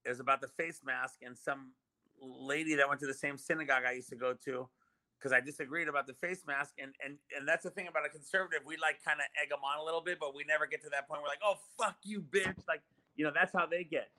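A man in his fifties chatting casually on a podcast, telling stories in a lively, animated way. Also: fairly high pitch, quick pace, poor audio. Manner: animated storyteller, lively retelling of arguments.

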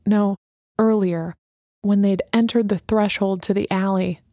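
A woman narrating an audiobook in a steady, measured reading. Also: medium pitch, no echo, studio quality.

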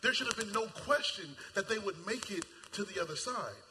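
A man preaching a sermon in a casual, colloquial way, animated and playful, jumping into character voices and shouting at high points. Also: fairly quick, noisy background. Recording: long hall reverb, faint ambience.

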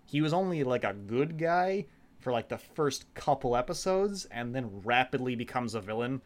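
Rambling, profane man recapping a show. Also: mid-range voice. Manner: rambling, profane, animated retelling with quick quoted voices. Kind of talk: casual chat recapping a show.

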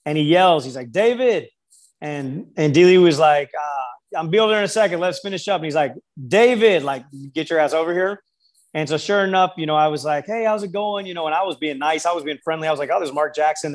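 A man who works as a basketball skills coach, telling stories in an interview and acting out the people he quotes. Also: fairly high pitch. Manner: storytelling, quotes people in lively voices. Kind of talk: interview conversation.

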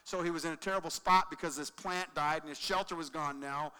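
A man preaching a sermon in an animated way, swinging from loud acted-out quotes to quiet emphasis, recorded in a large church sanctuary. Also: fairly high pitch, fairly quick, clean tone. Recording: long reverb of a large hall.

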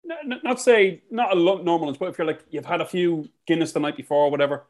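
A man's voice: fairly high pitch, fast talker, darkish tone. A man co-hosting a podcast, with a playful, crude way of talking. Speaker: podcast co-host. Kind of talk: casual podcast chat.

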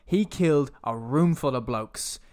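A man co-hosting a casual film chat, ranting with animated energy and heavy swearing. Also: medium pitch, a little slow.

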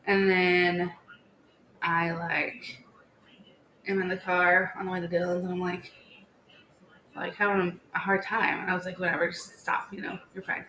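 A woman in her thirties, co-hosting a podcast in casual chat, telling stories in a chatty, animated way with many "like"s. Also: lowish voice, a little slow, pauses often. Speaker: podcast co-host. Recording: echoey room with faint background hiss.

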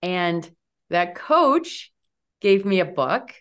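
A woman in her forties, a guest on an interview podcast, telling a story in a lively way and jumping up in pitch when she quotes herself. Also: extremely slow, clean tone. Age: 40s. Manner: animated, leaps high when quoting herself.

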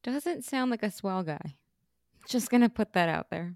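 A woman's voice: mid-range voice, lively intonation, normal speed, a little mellow, dry recording, clean studio sound. A woman co-hosting a podcast in casual chat, making wry, sarcastic quips. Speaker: podcast co-host.

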